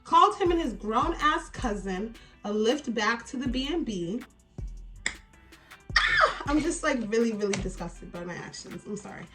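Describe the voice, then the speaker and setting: Animated, swearing woman vlogger, high voice. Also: normal speed, few pauses, over music. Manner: animated, exasperated storytelling with frequent swearing. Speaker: beauty vlogger. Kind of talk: get-ready-with-me storytime.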